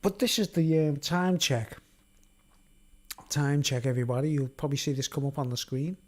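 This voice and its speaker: A man giving an unrehearsed, rambling solo talk at home into a desk microphone, joking around and stopping and restarting his sentences. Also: on the high side. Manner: rambling, jokey, halting restarts. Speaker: solo vlogger and musician. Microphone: desk microphone with headphones.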